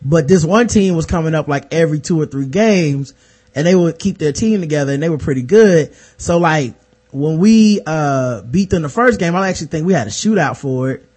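A man's voice: fairly high pitch, animated, normal speed, darkish tone. A young man casually telling a basketball story with lots of fillers, acting out quotes now and then.

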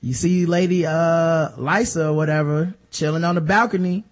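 A man's voice: on the high side, normal speed. A man hosting a casual podcast, joking through a slangy, crude episode recap. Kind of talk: casual chat.

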